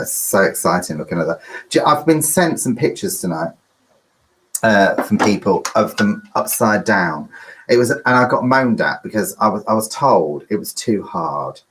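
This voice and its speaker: A man's voice: mid-range voice, a bit bright, low-quality recording. Male quiz host, rambling and chatty, easily flustered. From United Kingdom. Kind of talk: live-streamed pub quiz hosting.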